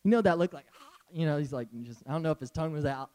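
A man preaching a sermon as a pastor, animated and conversational, often breaking into laughs. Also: on the high side, quick pace, smooth.

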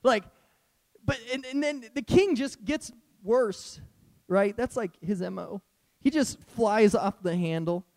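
A man preaching a sermon as a pastor, animated and conversational, often breaking into laughs. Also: high-pitched, slow pace.

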